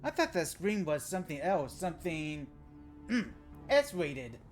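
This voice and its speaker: Soft music plays underneath as a game streamer chats casually with viewers while playing live, laid-back and chuckling now and then. The voice is mid-range with wide pitch swings and a slow pace, and the talk is aimed directly at chat.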